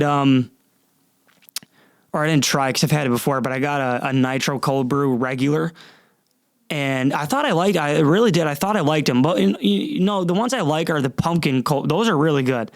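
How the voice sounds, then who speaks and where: A man's voice: on the high side, no echo. A young man hosting a solo comedy podcast, rambling and swearing with stammering restarts. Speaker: podcast host.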